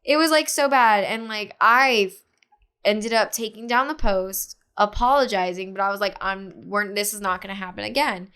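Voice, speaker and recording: Young woman, podcast guest, casual storytelling, filler-heavy, smooth clear voice. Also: mid-range voice, moderate pace. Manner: animated retelling with many fillers, acting out others' lines.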